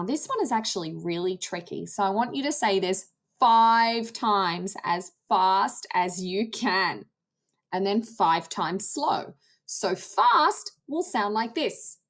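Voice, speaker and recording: Slow, careful female drama teacher. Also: fairly high pitch. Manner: enunciates carefully, demonstrating for small kids. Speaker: theatre arts teacher. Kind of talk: recorded lesson for young children.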